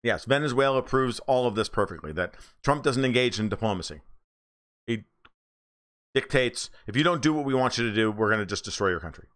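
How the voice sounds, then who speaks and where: Casting: male livestream host from the US, mid-pitched, blunt, sarcastic, swears freely. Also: expressive, fairly quick, fairly bright tone. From United States. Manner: mocks others in high squeaky voices. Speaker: livestream host reading chat. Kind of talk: casual political livestream commentary.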